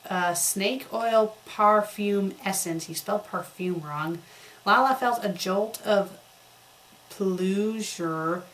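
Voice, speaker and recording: A woman reading a fan story aloud for comedy, breaking off to mock its spelling and grammar in deadpan asides. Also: mid-range voice. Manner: deadpan mocking commentary on spelling errors. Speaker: fanfic critic reading aloud.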